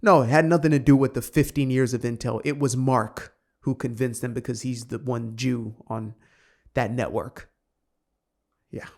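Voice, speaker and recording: A man's voice: medium pitch, steady tone, a little mellow. A man reading an article aloud and commenting on it with sarcastic asides. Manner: sarcastic asides, quick offhand remarks. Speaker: online commentator.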